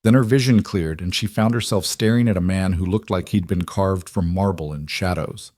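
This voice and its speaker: In this scripted audiobook narration, a man with a deep voice tells the story evenly and deliberately. His recording is intimate and dry, free of reverb.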